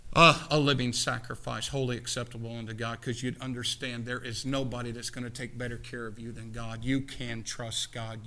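Fervent preacher with a bright, forceful voice. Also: male voice, medium pitch, a little hiss or hum. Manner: swings between loud fervent exclamations and quiet earnest speech; recites verse and poetry from memory. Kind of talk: sermon.

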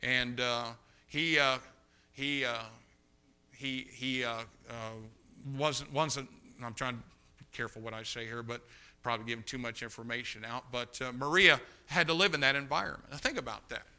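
A male pastor delivers an impassioned sermon story, his voice sitting at an ordinary pitch but with a very bright, cutting edge. He swings from loud, forceful bursts down to hushed, confiding stretches. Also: moderate pace, clear, resonant tone.

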